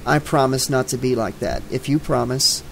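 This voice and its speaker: Guy reading a shy smitten teen boy, hushed and low-key, audiobook. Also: normal speed, vocal fry, slight background noise, lightly acted.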